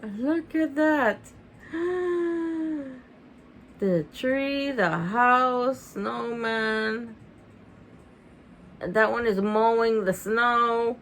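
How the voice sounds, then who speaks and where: A woman reading a picture book aloud with animated, chatty asides, gasping and laughing as she goes. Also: on the high side, extremely slow, slight background noise. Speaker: reader.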